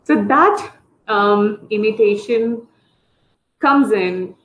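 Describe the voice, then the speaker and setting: A woman therapist explains speech techniques to parents in an easy, mid-pitched voice. She often jumps into high, sing-song demonstrations of how to talk to small children. The sound is roomy and echoey, as from a video call. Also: expressive, extremely slow, a bit bright. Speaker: early intervention therapist. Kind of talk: online parent training talk.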